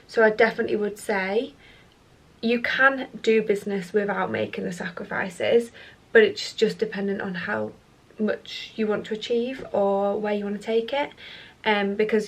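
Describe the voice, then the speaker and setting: A young woman from England who runs a beauty business, chatting candidly and sassily with her viewers, swearing freely and calling them sis. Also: mid-range voice. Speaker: beauty business owner and vlogger. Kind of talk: casual chat answering viewer questions.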